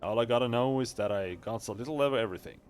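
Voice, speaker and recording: A man voicing a pushy, fast-talking male street merchant in a game, with wheedling slangy sales patter. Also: medium pitch, darkish tone, smooth, close to an everyday voice.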